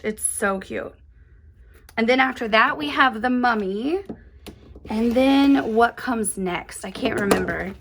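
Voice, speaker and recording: A woman's voice: medium pitch, a bit bright, a little hiss or hum. A woman hosting a chatty step-by-step embroidery tutorial, cheerful and gushing, laughing often.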